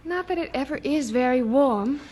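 A woman's voice: sits high, expressive, normal speed, darkish tone. Soothing mother. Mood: gentle. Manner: soothing, firm when scolding. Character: gentle mother of young children. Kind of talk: radio drama acting.

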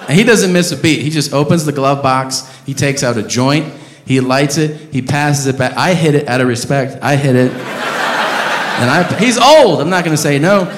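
Loud, profane stand-up comedian. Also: male voice, on the high side, moderate pace, noisy background. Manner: loud, profane, animated ranting. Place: comedy club stage. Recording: roomy club with audience laughter.

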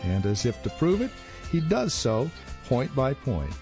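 Announcer guy intro for a radio sermon, super expressive, music playing under him. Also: medium pitch, a little slow. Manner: dramatic, emphatic reading. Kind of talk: scripted broadcast introduction.

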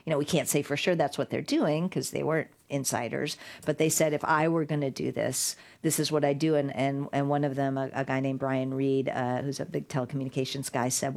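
A middle-aged woman, a guest in an interview, telling stories in a lively way and acting out the voices of the people she quotes. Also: rumbling low, fairly quick, hardly any pauses. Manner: animated storyteller, acts out quoted voices. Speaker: guest, digital rights lawyer. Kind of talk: conversational interview storytelling.

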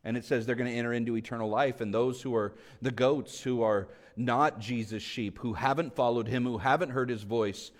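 A pastor preaching a sermon with impassioned delivery, his voice swelling up and dropping low. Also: steady tone, a little fast, few pauses, long reverb tail.

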